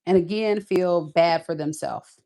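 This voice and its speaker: Woman tarot reader, casual monologue, emphatic and sassy, a bit low. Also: a little slow, dark tone.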